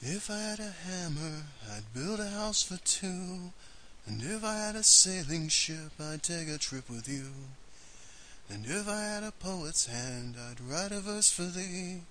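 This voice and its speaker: A man reciting a rhyming love poem in a measured, deadpan way. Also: high voice, slight background noise, poor audio.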